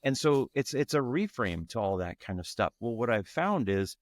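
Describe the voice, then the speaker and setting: A man's voice: mid-range voice, very animated, normal speed, no echo. Earnest man talking in a dry room. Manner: earnest, searching, frequent restarts. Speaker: guest, tantra facilitator. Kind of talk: reflective interview talk.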